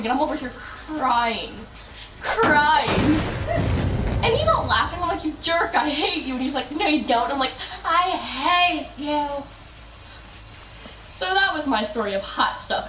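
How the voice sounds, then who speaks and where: Young female streamer, animated chatter with shouted outbursts, mic set back, noisy backdrop. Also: high-pitched, fast talker, few pauses. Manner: chatty storytelling, bursts of excited shouting at the game. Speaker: gaming streamer. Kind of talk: casual live-stream chatter while gaming. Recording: roomy echo, mic at a distance, loud background noise.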